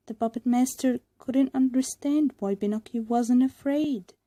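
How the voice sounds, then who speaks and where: A woman reading a storybook aloud to learners, clear and deliberate. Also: on the high side, mellow.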